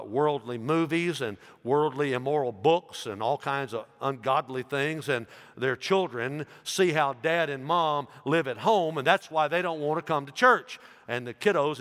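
Fervent preacher man in a reverberant hall. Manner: fervent preaching, swelling loud and high on emphasis, dropping low and quiet for asides. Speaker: pastor. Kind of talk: sermon.

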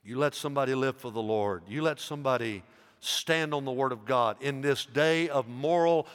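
A man's voice: normal speed, clean tone. Fervent preacher man in a reverberant hall. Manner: fervent preaching, swelling loud and high on emphasis, dropping low and quiet for asides. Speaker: pastor. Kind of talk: sermon.

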